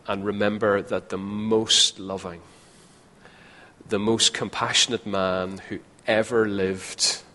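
A man's voice: low voice, pushed and bright. A man preaching a sermon in an earnest way, now and then acting out the voices of imagined people. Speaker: pastor. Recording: long hall reverb.

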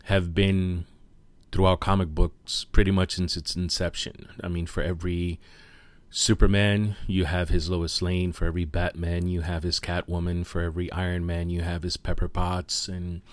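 A man's voice: sits low, flat delivery, moderate pace. A man hosting a podcast, talking casually and hesitating with fillers and self-corrections. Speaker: podcast host.

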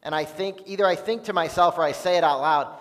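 High-voiced guy preaching slow, earnest sermon, big echoey church hall. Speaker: pastor. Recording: long reverb of a large hall.

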